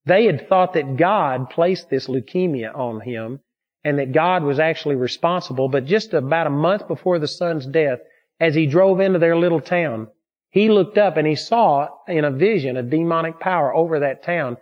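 A man preaching a sermon, telling personal stories in an earnest, steady way. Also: on the high side, normal speed. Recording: dull lo-fi recording.

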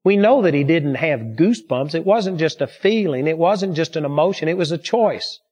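A man preaching a sermon, telling personal stories in an earnest, steady way. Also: fairly high pitch, moderate pace. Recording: dull lo-fi recording.

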